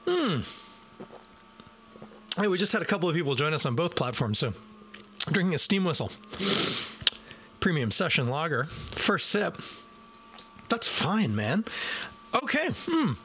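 A man's voice: a little high, very animated, measured pace, long pauses, a bit bright, slight background noise. A man reviewing a beer live from his desk in a casual, self-deprecating way, talking straight to his viewers. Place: home desk. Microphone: desk microphone.

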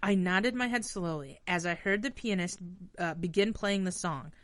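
Bright-voiced woman podcast co-host. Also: fairly low pitch, normal speed, no echo. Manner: playful, reads with put-on voices. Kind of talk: casual podcast chat, reading fan fiction aloud.

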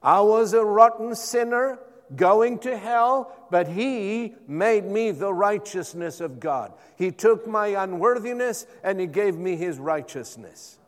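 A man's voice: high-pitched, expressive, slow. A male pastor preaching a sermon, drawing the congregation in with repeated calls of "Amen?". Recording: long hall reverb.

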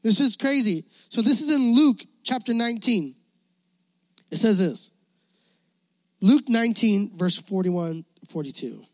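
A man preaching a sermon as youth pastor, impassioned and climbing toward near shouting. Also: sits high, expressive, unhurried, pauses often, no room sound.

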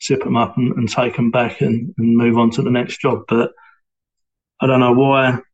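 A middle-aged man tells his story in an interview, in a measured, level voice that barely rises or falls. His speech is hesitant and halting, full of pauses and restarts. His pitch sits in the ordinary middle range for a man. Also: flat delivery, breathy edge, dull audio. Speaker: interviewee, former police sergeant. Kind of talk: reflective personal account.

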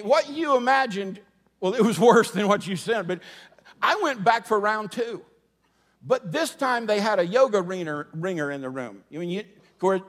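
A middle-aged man preaching a sermon, moving from humorous storytelling to quiet, earnest preaching. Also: high voice. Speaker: pastor. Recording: long hall reverb.

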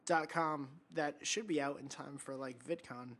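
A man's voice: on the high side, steady tone, unhurried, fairly bright tone. A man co-hosting a podcast in casual chat, rambling and jokey and laughing often. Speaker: podcast co-host.

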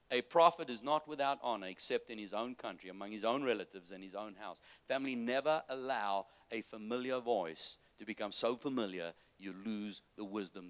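A man preaching a sermon, moving between loud, urgent exhortation and soft, low-voiced asides to the congregation. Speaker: pastor.

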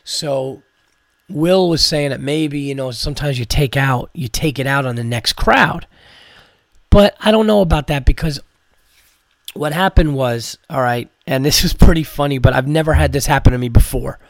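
A man's voice: mid-range voice, moderate pace, no room sound, studio quality. A man from New York, a comedian and podcast host, telling a rambling, profane story with many restarts, tired from medicine. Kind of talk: casual storytelling.

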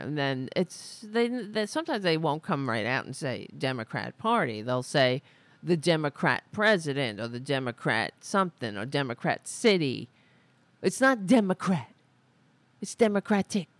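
A woman hosting a political podcast, venting in sarcastic, profane bursts. Her pitch leaps up and down with the exasperation, a little lower than most. The sound is dry and close on a studio microphone. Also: no room sound. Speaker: podcast host. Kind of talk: ranting political commentary.

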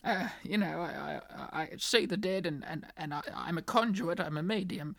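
A woman's voice: lowish voice, vocal fry, fairly bright tone, no echo, clean studio sound. A woman doing dotty old psychic Maureen. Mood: earnest. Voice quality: halting and stammering. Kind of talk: comedic radio-style sketch.

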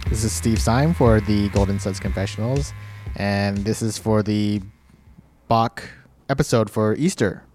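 A man's voice: lowish voice, moderate pace, a little mellow, faint music behind. A man co-hosting a casual beer podcast, explaining things hesitantly with many fillers. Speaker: podcast co-host. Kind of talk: casual chat.

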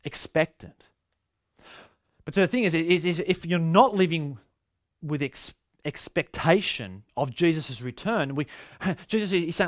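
A man's voice: fairly high pitch, expressive, measured pace, no echo, clean studio sound. A male pastor with an Australian accent, giving a sermon in a conversational, storytelling way with frequent restarts.

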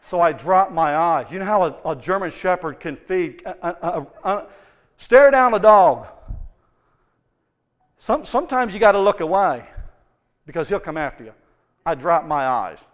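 A man delivers a sermon with a fairly high voice, swinging from fervent emphasis to easygoing storytelling. His words ring out in a church hall with a long reverb tail. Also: expressive, moderate pace. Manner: impassioned, conversational storytelling with rising emphasis. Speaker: preacher. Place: church sanctuary.

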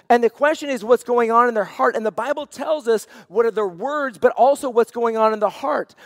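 A man's voice: extremely high pitch, dry recording, studio quality, in a large hall. A man preaching a sermon as senior pastor, earnest and repeating phrases for emphasis.

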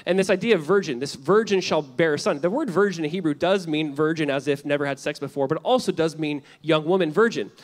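A man preaching a sermon as pastor, animated and conversational, switching between loud emphatic lines and hushed ones, with casual fillers and wry asides. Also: fairly high pitch, quick pace, hardly any pauses.

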